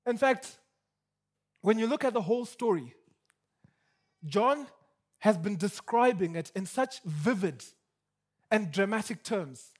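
A male preacher with a strikingly high voice delivers his sermon with lively, emphatic energy. He drops soft and low for asides, then climbs in pitch and volume when he presses a point, stumbling over repeated words. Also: takes it slowly, pauses often, breathy edge.

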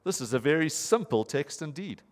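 A man's voice: fairly high pitch, animated, normal speed, close to an everyday voice. A man voicing a plain, earnest lay preacher who stresses key words. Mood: emphatic. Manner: emphatic, lifts voice on key words. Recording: reverberant hall.

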